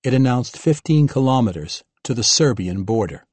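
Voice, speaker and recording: A man narrating an audiobook in a steady, even manner. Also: medium pitch, moderate pace, no echo. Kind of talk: scripted narration.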